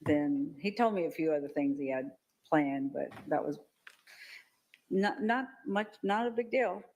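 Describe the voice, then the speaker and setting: An older woman testifying as a witness in a courtroom. She talks haltingly and often repeats words as she recalls events. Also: deep voice, animated, a little mellow, highs cut off. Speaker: trial witness.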